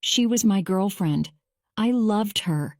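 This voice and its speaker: A defensive young man under questioning in a courtroom storybook, read by a woman. The voice is slow and mellow, with a dry, close sound. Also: mid-range voice, animated, no echo. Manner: measured, slow graded-reader delivery.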